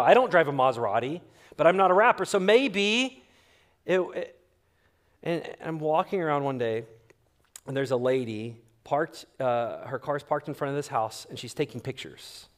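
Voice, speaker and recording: A male pastor, preaching a sermon and telling stories animatedly, acting out the dialogue. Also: mid-range voice. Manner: animated storyteller acting out quotes. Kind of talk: sermon with storytelling.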